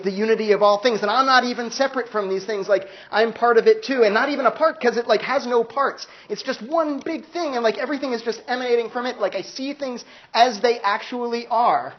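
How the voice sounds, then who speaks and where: A man's voice: very high voice, highs cut off. A male philosophy lecturer giving a casual, conversational class talk, often saying "like" and acting out quoted voices. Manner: conversational, peppers speech with "like", acts out quoted voices. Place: university classroom.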